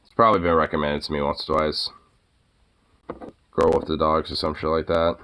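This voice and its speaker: Deep-voiced man chatting and cooing at his dog. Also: little pitch movement, moderate pace, fairly bright tone, a little hiss or hum. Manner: coos baby talk at his dog between casual chat, swearing freely. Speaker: streamer. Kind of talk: casual chat.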